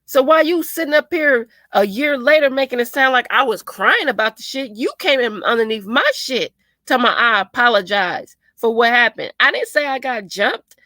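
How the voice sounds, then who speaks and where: Bright-voiced woman venting in heated chat. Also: high voice, normal speed, no room sound. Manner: animated, swearing, quotes others in put-on voices. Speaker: co-host. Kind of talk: heated casual commentary.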